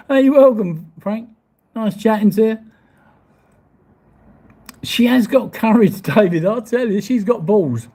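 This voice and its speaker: A man's voice: sits high, animated, takes it slowly, pauses often, dark tone. A man chatting casually on a live stream from a hotel room, rambling, laughing often and swearing mildly as he reads out viewer comments. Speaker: vlogger reading live chat. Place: hotel room overlooking the seafront.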